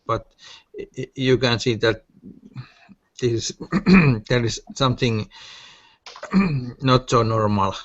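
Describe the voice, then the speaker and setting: A man in a casual online voice chat, talking haltingly and searching for words. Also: medium pitch, steady tone. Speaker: gun owner in an online voice chat. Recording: muffled voice-chat audio.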